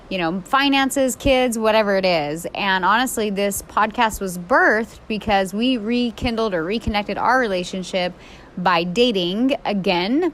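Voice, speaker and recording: A woman in her thirties tells a story on her podcast. She talks chattily and animatedly, with lots of "like". Her voice sits in an ordinary middle pitch. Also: slight background noise. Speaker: podcast co-host. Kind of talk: casual storytelling chat.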